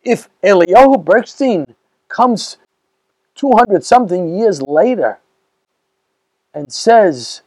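A rabbi lectures to a live audience in a strikingly high voice. He talks in an animated, rhetorical way and keeps firing questions at his listeners. The sound is dry and close, with almost no room echo. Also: slow pace, pauses often.

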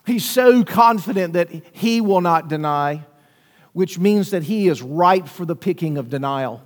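A man with a notably high voice preaches a sermon, pressing his points with rhetorical questions and dramatized quotes. His voice carries a long reverb, as if filling a large hall. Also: expressive, measured pace. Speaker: pastor.

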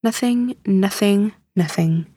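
A woman's voice: medium pitch, slow pace, warm tone, breathy edge, no echo, studio quality. A woman voicing a proud, irritated wife who speaks curtly and in clipped phrases. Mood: sulky. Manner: curt, clipped.

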